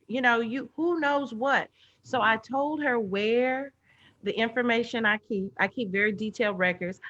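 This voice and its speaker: A middle-aged woman telling personal stories in a casual video chat, acting out the voices of the people she quotes. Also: mid-range voice. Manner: animated storyteller, acts out quoted voices. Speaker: guest. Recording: dull lo-fi online stream audio.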